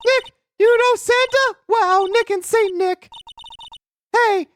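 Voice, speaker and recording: Lady doing a high squeaky teen girl sidekick, chirpy and bouncy. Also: takes it slowly. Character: bubbly teenage girl sidekick, chirpy and upbeat.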